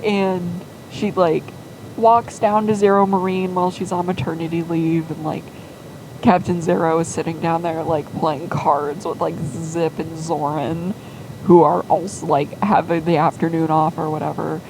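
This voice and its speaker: A woman's voice: low voice, level tone, measured pace, noisy background. A woman casually telling a rambling fan story, acting out quoted lines and filling with "like". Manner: rambling, full of "like" and quoted voices.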